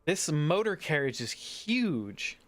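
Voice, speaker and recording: A man's voice: on the high side, very animated, slow, dry recording. A man streaming a game, casually reading dialogue options aloud and commenting.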